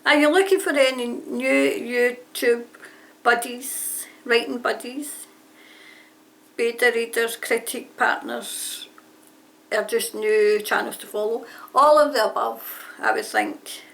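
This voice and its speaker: A woman with a fairly high, fairly bright voice, lively intonation, and vocal fry talks a little slowly. As an aspiring author responding to a tag, she chats casually about her writing, rambling and frequently correcting herself mid-sentence, while trains go by near her home on a railway line.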